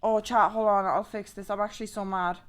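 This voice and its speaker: A young woman streaming live, chatting casually and cursing freely, given to loud rants. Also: mid-range voice, little pitch movement, a little fast. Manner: foul-mouthed, swings into loud ranting outbursts.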